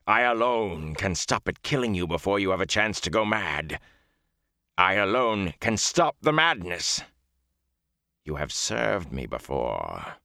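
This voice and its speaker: A man voicing a menacing, scornful male dark lord in a slow, commanding storybook reading. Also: sits low, creaky, no room sound, clean studio sound, heavily acted.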